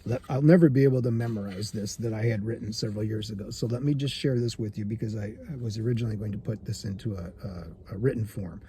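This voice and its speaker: A man's voice: fairly low pitch, fast, hardly any pauses, noisy background. A man in a parked car telling a rambling story for his meditation vlog, chuckling often and restarting his sentences. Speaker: meditation teacher.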